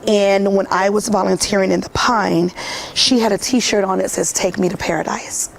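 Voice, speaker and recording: Earnest female TV guest, gravelly voice, faint hiss behind, moved while telling her story. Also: mid-range voice, fairly even intonation, normal speed. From United States. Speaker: foundation founder, guest. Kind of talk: morning TV interview.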